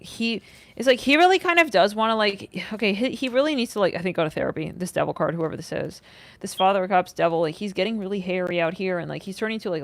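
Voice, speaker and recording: A young woman giving a casual livestream tarot reading, talking in an animated way with lots of "like", swearing and sudden outbursts. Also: on the low side, vocal fry, dry recording. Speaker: tarot reader.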